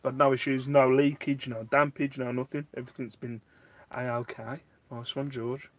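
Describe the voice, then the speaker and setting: On his casual live stream, this man talks at a moderate pace in a mid-range voice. He rambles, responds to viewer chat animatedly and gets heated at times.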